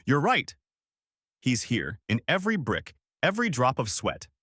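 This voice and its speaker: A man voicing a grieving young woman who teaches in a village, pleading and shouting through tears. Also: mid-range voice, sing-song, normal speed, husky, no room sound, clean studio sound. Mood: fervent.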